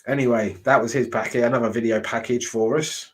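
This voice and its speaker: A man's voice: mid-range voice, steady tone, brisk. A man, casually reacting to wrestling shows, blunt and ranting, swearing freely.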